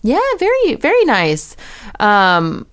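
A woman chatting casually with friends, an animated storyteller who laughs often and fills with um and like. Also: medium pitch, slow. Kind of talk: casual chat.

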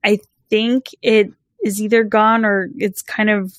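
A woman's voice: mid-range voice, little pitch movement, a little slow, no echo, clean studio sound. A woman from California co-hosting a casual chat, enthusiastic and full of "like" and "you know".

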